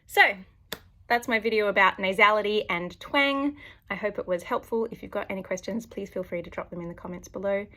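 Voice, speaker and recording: A woman's voice: medium pitch, fast talker, pushed and bright. A woman, a voice coach explaining singing technique to camera and demonstrating sounds as she goes.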